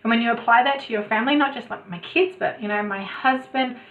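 Guest, woman, chatty with lots of restarts, slightly high, on a tinny remote call. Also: fast. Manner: chatty, many restarts, animated asides. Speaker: podcast guest, coach. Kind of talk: casual interview chat.

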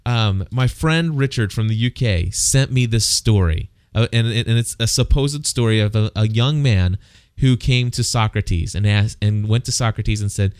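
A man's voice: lowish voice, normal speed, darkish tone, clear, resonant tone, no room sound, studio quality. A man co-hosting a casual faith talk, speaking earnestly and often repeating words as he thinks. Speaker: co-host.

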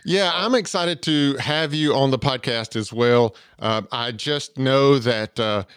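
Smooth-voiced Southern US podcast host. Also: male voice, medium pitch, takes it slowly, a bit bright, no room sound, clean studio sound. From Georgia, US. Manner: enthusiastic, promotional, many fillers. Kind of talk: podcast interview.

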